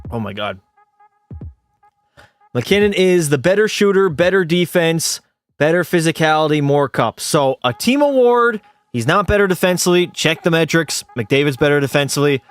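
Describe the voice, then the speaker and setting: Young male streamer, slightly buzzed, high-ish voice, profane and argumentative with chat. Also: expressive, moderate pace, smooth, no echo, faint music behind. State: tipsy from beer. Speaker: game streamer. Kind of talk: casual live-stream chat.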